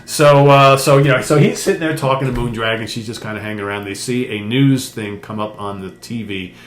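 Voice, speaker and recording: Retelling a comic book story and voicing its characters, an older podcast co-host chats casually at a slightly fast clip. His pitch is medium, and the recording has an echoey room with a faint hum.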